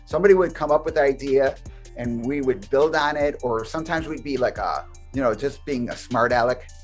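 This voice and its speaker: A man telling a story as an interview guest, casual and lively, acting out what others said. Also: medium pitch, a little fast, soft background music. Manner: animated, acts out others' quotes. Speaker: interview guest, martial artist.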